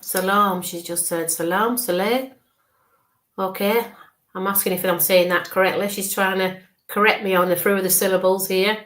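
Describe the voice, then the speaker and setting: Woman, spiritual medium, live online reading, average pitch, soft and reassuring, repetitive, frequent check-ins. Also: level tone. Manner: describes visions slowly, checks in with frequent okays.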